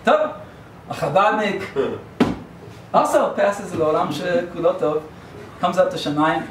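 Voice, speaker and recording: In an echoey yeshiva lecture hall, a rabbi with a high, expressive voice gives a sermon at a measured pace, telling it in a rambling, humorous storyteller's way. The mic is far from him, and there's a faint hum.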